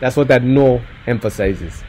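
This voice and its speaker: A man teaching a recorded slideshow lesson, repeating phrases slowly for the learners to echo. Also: medium pitch, dark tone. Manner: slow, drills phrases with rising repetition. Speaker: Hawaiian language teacher.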